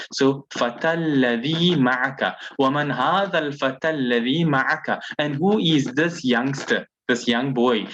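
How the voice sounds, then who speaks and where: A male language teacher explaining grammar patiently in a class, repeating and breaking each word down slowly. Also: mid-range voice, dull audio. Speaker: Arabic teacher.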